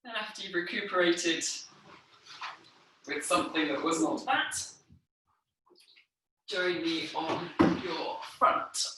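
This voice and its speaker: Woman movement teacher, calm floor cues, slightly winded; roomy, distant sound. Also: on the low side, slight background noise. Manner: calm, unhurried cueing while moving on the floor. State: a little out of breath from exercising. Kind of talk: guided movement class instruction. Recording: echoey room, mic far off.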